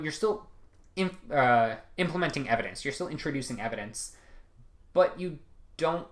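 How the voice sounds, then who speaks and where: A man's voice: medium pitch, fairly bright tone. Casual young male test prep tutor. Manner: casual, many ums and rights, restarts mid-sentence. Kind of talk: recorded online lesson.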